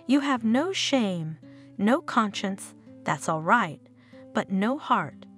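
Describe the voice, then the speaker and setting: A woman's voice: mid-range voice, lively intonation, slow, a bit bright, soft background music. A woman voicing a hurt, indignant young wife who stands her ground. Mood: angry.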